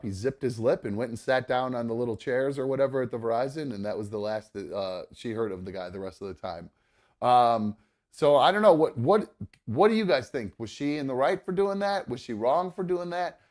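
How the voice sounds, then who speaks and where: A man's voice: mid-range voice, normal speed, a little mellow. A man hosting a live talk show, telling a story casually with lots of fillers. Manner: rambling, many fillers. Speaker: host.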